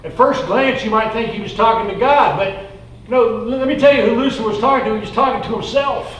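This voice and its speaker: A man's voice: extremely high pitch, fairly quick, a bit bright. A man preaching a sermon in a casual, conversational way, full of fillers, reading scripture aloud between his own remarks. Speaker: pastor. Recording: roomy echo, distant mic, faint noise.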